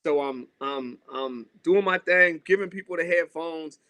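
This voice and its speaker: A man from Seattle chats as a podcast guest, his voice bright and forceful and sitting a little high. He tells stories with lots of animation and acts out other people's lines. The sound is dry and close-miked. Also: a little slow, no room sound. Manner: animated storyteller acting out quoted voices. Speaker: guest artist. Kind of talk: casual storytelling chat.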